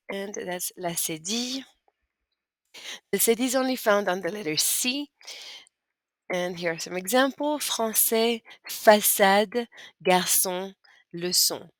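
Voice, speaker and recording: In a dry recording, a woman with a mid-range voice teaches French. Her screen-recorded walkthrough shows students how to type accent marks, with clear, patient, step-by-step instruction.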